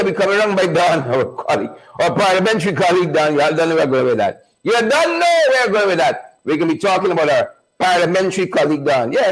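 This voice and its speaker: This rough recording captures a high-voiced man hosting a live stream. He keeps repeating himself to pump up the energy and calls out viewers by name as he greets them.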